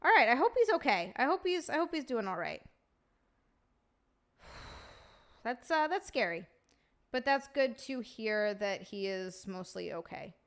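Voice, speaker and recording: Casual woman stream host reading chat, profane and giggly, somewhat high pitch. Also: very animated, a little slow, long pauses. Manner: profane, laughing, reacting to chat.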